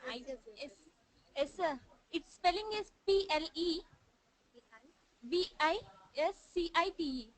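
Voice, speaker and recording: A woman's voice: very high-pitched, a little slow, pauses often. A woman trainee politely and hesitantly asking a question in an online class.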